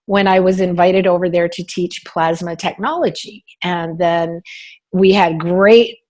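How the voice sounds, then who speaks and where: A woman's voice: lowish voice, steady tone, measured pace, darkish tone. Enthusiastic woman hosting an interview. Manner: enthusiastic and gushing. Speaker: host.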